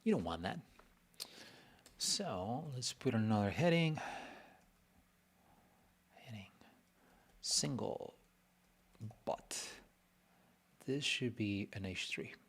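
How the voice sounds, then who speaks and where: Slow, low-voiced man muttering as he designs. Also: sing-song, fairly bright tone. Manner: mutters to himself, chatty, self-teasing. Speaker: web designer streaming his work. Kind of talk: casual live design walkthrough.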